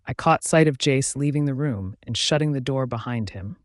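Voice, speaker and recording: A man narrating a first-person audiobook in a steady, even reading voice. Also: medium pitch, normal speed, dry recording, studio quality.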